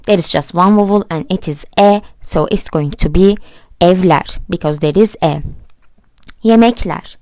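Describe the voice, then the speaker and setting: A woman's voice: fairly low pitch, normal speed, a little mellow, no echo, clean studio sound. A woman teaching a language lesson, patiently spelling out letters and word endings. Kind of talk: slow explanatory lesson.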